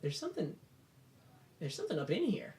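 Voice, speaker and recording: Grumbly halfling man, small and gruff, game table voice, put on by a man. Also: high-pitched, huge pitch swings, fairly quick, a little mellow, roomy sound. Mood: grumbling.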